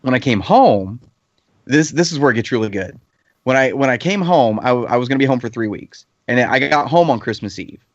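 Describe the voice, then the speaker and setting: A man's voice: mid-range voice, expressive, fairly quick, no echo. A man in his thirties, a podcast panelist telling a heated anecdote in casual chat, swearing freely. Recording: slightly dull lo-fi podcast audio.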